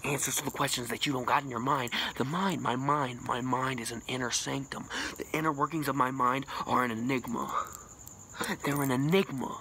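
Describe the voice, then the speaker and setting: A man rambling as a boastful mock self-help guru, jumping between loud bursts and hushed whispers with a self-described put-on accent and lisp. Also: steady tone, normal speed, slight background noise. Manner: rambling, boastful, absurd know-it-all; sudden pitch jumps and dropped whispers. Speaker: comedic vlogger.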